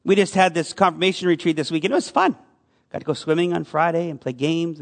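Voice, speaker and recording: A male pastor giving a conversational sermon, asking his congregation questions as he goes. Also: sits high. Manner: conversational preaching with audience questions.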